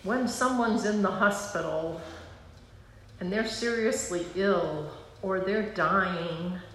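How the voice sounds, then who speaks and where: A woman's voice: medium pitch, fairly bright tone, slight background noise. Earnest woman preaching in an echoing church. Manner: earnest, emotional, pausing. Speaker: pastor. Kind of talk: personal testimony sermon. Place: church sanctuary. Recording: roomy church hall sound.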